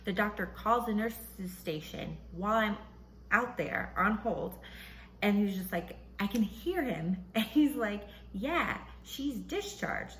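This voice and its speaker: Animated woman podcaster in an echoey room. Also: a little slow, a little hiss or hum. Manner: animated, acts out quotes in a high voice, laughs often. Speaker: podcast host. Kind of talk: casual storytelling monologue.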